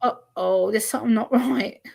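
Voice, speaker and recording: A woman chats over a video call in a fairly high voice. She tells a personal story with lots of life, putting on the voices of the people in it. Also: a little fast, creaky, breathy edge. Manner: animated storyteller acting out quoted voices. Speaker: guest. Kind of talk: casual chat.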